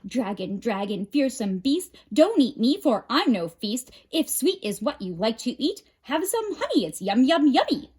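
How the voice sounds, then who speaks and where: A woman voicing a brash young boy god in a storybook reading, eager and loud. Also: moderate pace. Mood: singsong. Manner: excited, shouting high.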